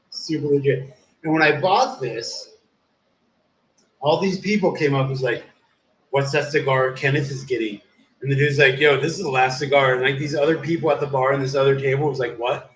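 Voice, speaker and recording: A man's voice: medium pitch, slight background noise. A young man telling a long story in casual, rambling talk, swearing a lot and saying "dude" constantly. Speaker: live streamer. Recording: echoey room.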